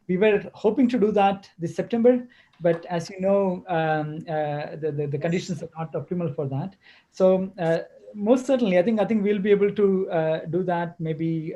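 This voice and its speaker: A man from Kerala, India, answering questions as a guest lecturer in a webinar, speaking haltingly with many restarts over a video call. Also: a little high, mellow, muffled recording. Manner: halting, hesitant, full of restarts.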